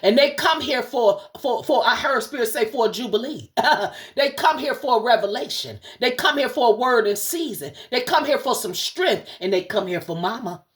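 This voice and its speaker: A woman's voice: on the high side, expressive, normal speed, few pauses. A woman running a livestreamed spiritual message as channel host, speaking fervently and preacherly, cursing often and talking straight to her audience. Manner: addresses the audience directly and repeatedly.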